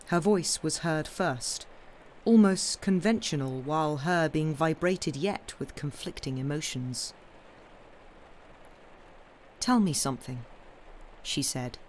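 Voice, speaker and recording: A woman reading a sea story aloud in a measured way, now and then stumbling and correcting herself. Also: low-pitched, slight background noise. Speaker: reader. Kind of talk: audiobook-style story reading, livestreamed.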